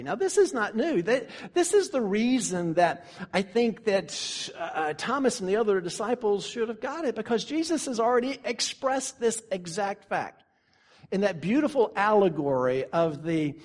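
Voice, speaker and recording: A pastor preaching a sermon earnestly, slowing down to stress key phrases and pausing for effect. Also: male voice, high voice, long reverb tail. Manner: earnest preaching with dramatic pauses and slow emphasis.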